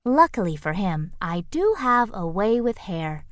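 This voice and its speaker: A woman's voice: mid-range voice, very animated, a little slow, no room sound. A woman voicing a fussy, cheerful little female bird in a children's audiobook, talking with self-satisfied, bossy politeness. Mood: prim, chirpy.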